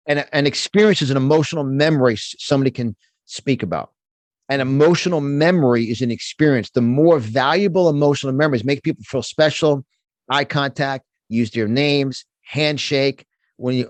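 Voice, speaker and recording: A man's voice: mid-range voice, fairly even intonation, fairly quick, dry recording. A man, a motivational speaker and guest, talking in a fired-up, emphatic way and often repeating words, from his home studio. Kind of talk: animated interview talk.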